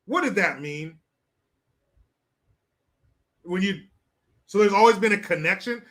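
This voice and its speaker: A man's voice: high voice, animated, unhurried, a bit bright. A man hosting casual commentary, crude and mocking, laughing often. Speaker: streamer host.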